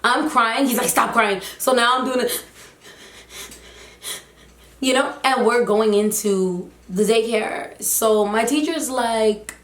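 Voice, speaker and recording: A young woman vlogger telling a story in a casual, animated, slangy and emphatic way. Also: a little high, slow pace, long pauses. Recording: roomy echo.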